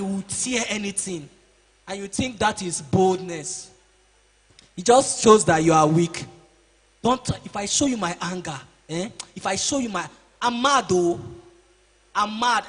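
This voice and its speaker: A man with a high, slightly husky voice lectures a room of teenage boys. He preaches, fires questions at them and mimics their excuses. His voice rings out through a large, echoing hall. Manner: preachy, asks the audience questions and acts out excuses. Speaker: seminar speaker for boys. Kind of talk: motivational talk to teenagers. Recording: reverberant hall.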